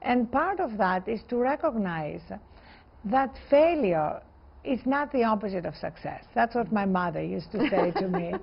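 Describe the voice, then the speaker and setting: A woman guest in a television interview, speaking earnestly and emphatically in measured phrases. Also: mid-range voice, lively intonation, gravelly, highs cut off, slight background noise. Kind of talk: conversational interview answers.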